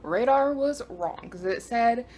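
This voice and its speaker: A woman's voice: fairly high pitch, a little slow. Twenties woman, casual vlogger, talks to her phone camera, bubbly and giggly, faint hiss behind. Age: 20s. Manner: chatty and easily excited, laughs often. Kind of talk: casual vlog chat to camera.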